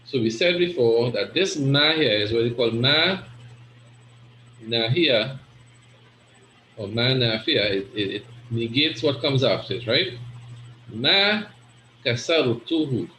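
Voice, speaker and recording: A man's voice: mid-range voice, lively intonation, unhurried, long pauses, bright, forceful tone. A man teaching an Arabic grammar class, explaining step by step and often checking in with "right?". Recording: echoey room with faint noise.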